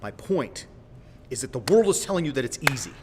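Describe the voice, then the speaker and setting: A man's voice: mid-range voice, very animated, fairly quick, background noise. A man hosting a Christian livestream, preaching informally in a folksy, direct way and often stopping to correct himself and apologize. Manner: rambling, self-correcting, apologetic asides; folksy, direct, with repeated "right?". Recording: long reverb in a roomy space.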